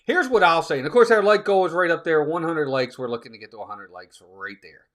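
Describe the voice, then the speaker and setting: A man's voice: on the high side, expressive, fast talker, a bit bright. A man hosting a casual live stream, chatting with viewers and reading out their comments. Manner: chatty, reads out viewer comments, sneezing fits.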